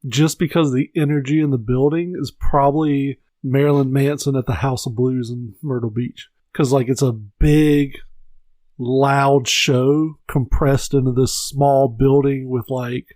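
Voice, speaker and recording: A man's voice: medium pitch, fairly even intonation, measured pace, darkish tone, no room sound. A man co-hosting a podcast in casual chat, mostly giving short agreeing replies and swearing casually. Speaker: podcast co-host.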